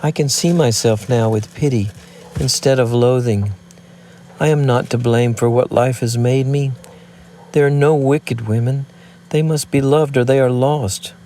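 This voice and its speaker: A man's voice: mid-range voice, fairly even intonation, measured pace, mellow, a little hiss or hum, pitched above the performer's own voice, close to an everyday voice. A man reading aloud, voicing a proud, remorseful fallen woman in an impassioned, declamatory way. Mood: earnest.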